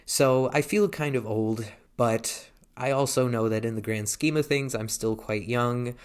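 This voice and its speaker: A man's voice: medium pitch, smooth. A man in his thirties talking casually to a handheld camera, hesitant and rambling, with many restarts. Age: 30s. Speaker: vlogger. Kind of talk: casual vlog talk.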